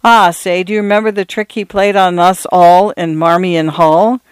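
A man voicing a gentle, chatty older priest in a read-aloud story. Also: sits high, fairly even intonation, moderate pace, smooth, no room sound, natural voice. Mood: gossipy. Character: genial older priest, easygoing and gossipy.

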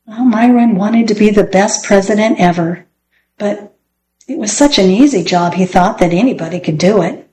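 A woman reading a children's chapter book aloud in a gentle, clear storybook manner. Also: mid-range voice, normal speed, slight background noise, rough recording. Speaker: narrator.

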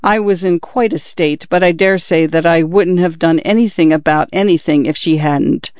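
A man's voice: fairly high pitch, moderate pace, a little mellow, no room sound, lightly acted. A man voicing a flustered, earnest young man who has just become engaged, speaking in an embarrassed rush. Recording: dull dry recording.

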